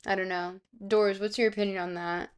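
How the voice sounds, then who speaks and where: Young woman from South Florida, casual stream chatter, fry in the voice, a bit hoarse from being sick. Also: medium pitch, little pitch movement, a little fast. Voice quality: vocal fry. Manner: rambling, hesitant, lots of fillers. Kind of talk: casual live-stream chat. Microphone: close streaming microphone.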